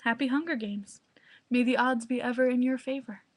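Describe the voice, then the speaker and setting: Excitable rambling young woman vlogger. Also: on the high side, normal speed. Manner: excitable, rambling, heavy use of "like". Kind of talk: casual vlog chat.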